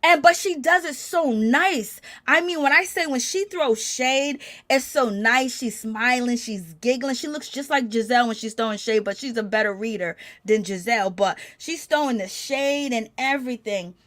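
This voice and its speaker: A woman giving animated gossip commentary, reacting with exclamations as she recaps a show. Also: on the high side, normal speed, few pauses. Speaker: commentary channel host.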